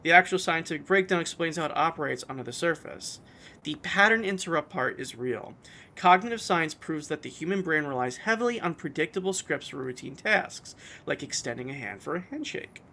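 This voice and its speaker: A man's voice: fairly high pitch, animated, a little fast, gravelly, bright, forceful tone, slight background noise. A man hosting a casual live stream, joking with a friend and reading chat messages and search results aloud. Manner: laid-back, joking, reads messages aloud.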